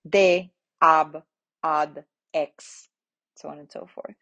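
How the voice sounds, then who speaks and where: A woman teaching pronunciation in a relaxed spoken lesson, patient and explaining step by step with examples. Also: low-pitched, slow pace, creaky, dull audio. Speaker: Latin teacher.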